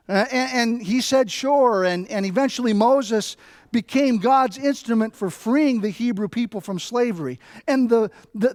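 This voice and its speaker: A man's voice: high voice, no room sound, clean studio sound. A middle-aged man preaching a sermon as pastor, telling stories with rhetorical asides. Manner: storytelling with rhetorical "right?" asides. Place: church.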